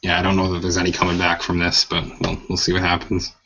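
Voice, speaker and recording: Laid-back male gamer, lowish voice, unsure and trailing delivery, dull lo-fi sound. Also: monotone, fast talker, sharp tone. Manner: hesitant, low-key, trailing off. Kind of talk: casual chat while playing a game.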